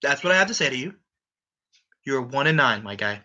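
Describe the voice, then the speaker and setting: A man's voice: mid-range voice, expressive, brisk, bright, forceful tone, muffled recording. Brash, profane fantasy league commissioner man. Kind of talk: casual solo podcast recap.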